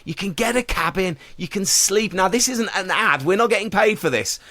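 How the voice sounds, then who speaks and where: A man's voice: high-pitched, normal speed, bright, forceful tone, dry recording. A man, co-hosting a podcast and quizzing his friends in a playful way. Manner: playful quizmaster. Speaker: podcast co-host. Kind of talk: casual chat.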